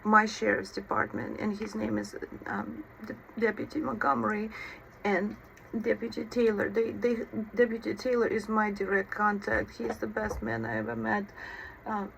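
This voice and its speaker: Woman, vlogging mother, raspy fry in the voice, halting and apologetic, faint background hiss. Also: medium pitch, little pitch movement, a bit bright, poor audio. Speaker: mother of an autistic child. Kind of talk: personal advice vlog.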